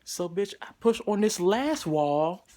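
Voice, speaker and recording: A man telling a personal story in a vlog, animated and profane, jumping into high excited voices when quoting himself. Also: takes it slowly.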